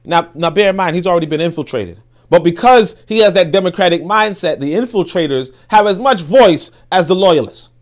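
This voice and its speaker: A man with a fairly high voice, talking in a loose, emphatic commentary style. He swears freely and often repeats himself while working out a point, driving each claim home. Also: animated, fairly quick. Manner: emphatic, profane, repeats words while thinking. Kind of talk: casual commentary with read-aloud quotes.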